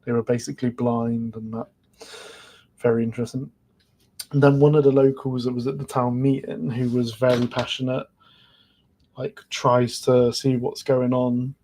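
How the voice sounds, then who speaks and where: A man's voice: medium pitch, a little mellow. A man retelling events of a series in a loose, rambling podcast recap, filling his sentences with "like". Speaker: podcast panelist. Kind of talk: casual episode recap.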